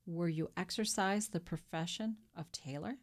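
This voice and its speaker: In this storybook reading, a woman puts on a measured male priest with a heavy Italian accent. His voice is fairly low and steady, and he asks his questions slowly and pointedly. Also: close to an everyday voice. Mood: probing. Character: calm, probing male priest traveler.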